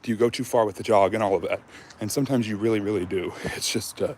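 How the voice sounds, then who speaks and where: A man's voice: on the low side, fast talker, darkish tone, slight background noise. Breathless man hosting a history livestream. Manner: rambling, loose, full of fillers and restarts. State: out of breath after a jog. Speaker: history channel host. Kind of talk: casual livestream Q&A chat.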